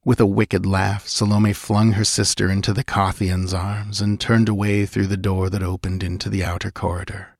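A man narrating a fantasy audiobook in an expressive, measured storytelling manner. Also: low voice, vocal fry, no echo, studio quality.

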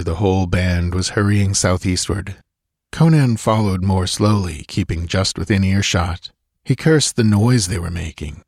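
A man narrating a sword-and-sorcery audiobook in a measured, steady storytelling manner. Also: sits low, no room sound, studio quality. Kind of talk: scripted narration.

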